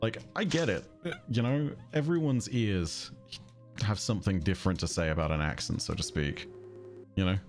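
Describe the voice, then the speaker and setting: A man's voice: low voice, normal speed, music in the background. A man with a southern English accent streaming a game, chatting casually in a rambling way and breaking off to react to the game. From England. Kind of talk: casual livestream chat while gaming.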